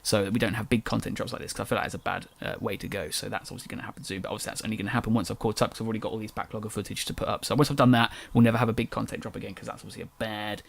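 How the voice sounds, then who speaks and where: A man's voice: lowish voice, steady tone, rapid-fire, creaky, hardly any pauses. A young man with a casual English accent that drops its T's, hosting a solo podcast in a rambling, chatty way that keeps correcting itself. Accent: English, dropped T's. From England. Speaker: podcast host.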